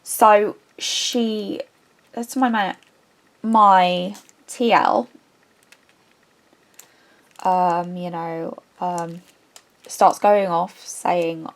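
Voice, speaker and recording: Woman, craft vlogger, casual chat, animated rambling storyteller who restarts her sentences a lot. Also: medium pitch, slow pace, gravelly, pauses often.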